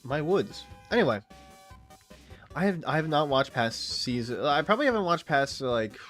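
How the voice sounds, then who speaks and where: A man's voice: a little high, big pitch swings, normal speed, a bit bright, soft background music. A man in his late twenties streaming a game, rambling in casual, profane commentary and chatting with his viewers and the game's animals. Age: late 20s.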